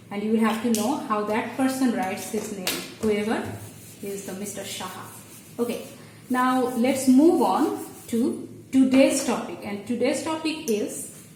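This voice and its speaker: Lady teaching letters, patient step by step, kinda high voice, far off the mic in a real echoey room. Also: a little mellow, slight background noise. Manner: patient, explains step by step, halting restarts. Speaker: Bengali language teacher. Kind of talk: explaining at a board.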